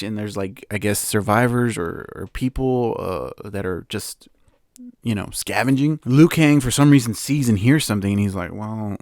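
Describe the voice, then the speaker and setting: A young man hosts a podcast, recapping a film in a loose, excitable ramble packed with "like" and stray laughs. His voice sits a bit low. The recording is close and dry, with no room sound. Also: dry recording. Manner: rambling, animated retelling with many fillers and laughs. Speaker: podcast host. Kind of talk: casual movie recap.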